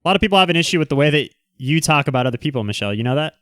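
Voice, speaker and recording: A man's voice: a little high, animated, racing, fairly bright tone, dry recording, clean studio sound. A man hosting a casual livestream, reading the chat aloud and answering in a brash, teasing, joking way. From Southern California.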